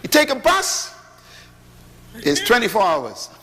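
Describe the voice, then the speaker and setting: A middle-aged man preaching a sermon to an audience, lively, with rhetorical questions and humorous storytelling. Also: very high voice, slow, slight background noise. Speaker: pastor. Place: large hall with audience. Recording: echoey hall, faint ambience.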